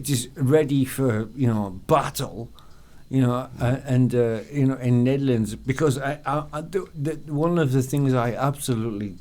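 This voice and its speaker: English male podcast guest, English accent, slow and rambling, swears freely. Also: medium pitch, darkish tone. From England. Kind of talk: casual chat.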